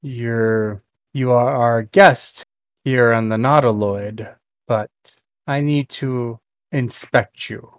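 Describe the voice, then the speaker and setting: Man playing a slow, menacing mind flayer. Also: medium pitch, fairly even intonation, dry recording, natural voice. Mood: cold. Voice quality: slow, halting speech in broken common. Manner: slow, wet, menacing delivery. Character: male mind flayer captor, cold and menacing.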